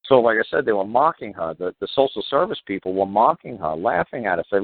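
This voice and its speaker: A man on a talk show call, explaining court procedure in an emphatic, repetitive way and mocking officials with quick impressions. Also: on the low side, big pitch swings, no room sound. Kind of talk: animated phone-in talk. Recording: tinny phone line, dry.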